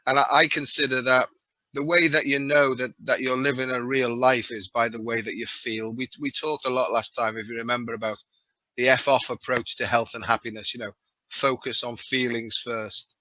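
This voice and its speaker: This is a man from the Wirral with a clear Liverpool-area accent. He chats on a live show in a self-mocking, joking way and fills his speech with "you know". His voice is bright and close, and the audio is dull and lo-fi. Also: mid-range voice, flat delivery, normal speed, dry recording. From the Wirral, England. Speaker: guest. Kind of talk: casual live-stream chat.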